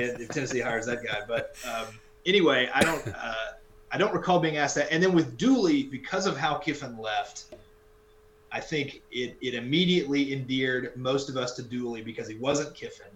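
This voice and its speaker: A man's voice: medium pitch, moderate pace, roomy sound, a crowd in the background, poor audio. A man co-hosting a podcast, talking casual sports in a rambling, wry way and often correcting himself mid-sentence. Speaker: podcast co-host.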